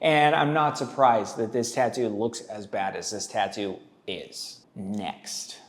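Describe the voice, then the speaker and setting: A man's voice: fairly low pitch, steady tone, takes it slowly. A man hosting, giving blunt, profane, rambling commentary on tattoos. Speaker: tattoo reaction host.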